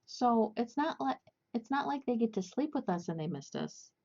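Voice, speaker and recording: A woman's voice: a little high, animated, moderate pace, darkish tone, muffled recording. A young woman casually chatting and rambling with lots of fillers and restarts while hosting a crochet livestream.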